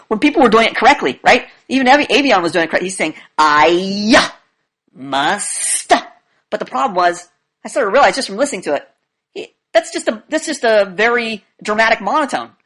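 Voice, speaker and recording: A woman speaking coach lecturing her class in an emphatic way, blunt and sometimes profane. She swings between loud demonstrations and quiet asides. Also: medium pitch.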